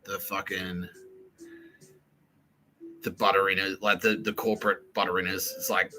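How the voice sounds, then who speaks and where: A man's voice: low-pitched, flat delivery, moderate pace, long pauses, bright, forceful tone, soft background music, low-quality recording. A man with an Australian accent hosting a rambling, profane comedy podcast, laughing at his own jokes and slipping into mock voices for bits. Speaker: podcast host.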